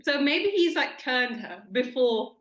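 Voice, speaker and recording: A woman's voice: sits high, very animated, slow, reverberant. A woman hosting an interview, talking in an enthusiastic, chatty way with many fillers and restarts. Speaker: interviewer host. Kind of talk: casual interview.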